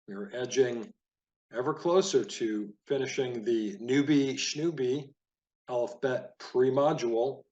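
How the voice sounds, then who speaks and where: Man, language teacher, reading practice, slow pace, deliberate word-by-word reading. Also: mid-range voice, dull audio. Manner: relaxed explanatory asides with fillers. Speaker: Biblical Hebrew teacher.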